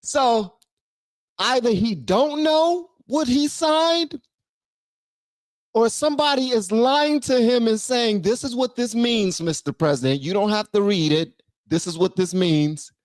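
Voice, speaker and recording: An excitable streamer gives casual, slangy reaction commentary into a close, dry mic. The voice sits mid-pitch, and the delivery jumps between quick outbursts and slower musing. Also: no echo.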